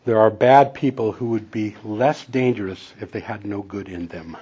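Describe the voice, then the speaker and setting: A man's voice: on the low side, moderate pace, warm tone, husky, muffled recording. A man preaching a sermon in a conversational, storytelling way, chuckling now and then. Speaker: pastor and counselor.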